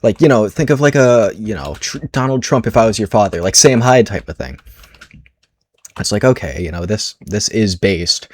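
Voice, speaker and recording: Rambling deadpan man, slightly low voice. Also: no room sound, clean studio sound. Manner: rambling, deadpan, heavy internet slang, many fillers. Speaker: comedy video creator. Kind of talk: ironic comedic monologue.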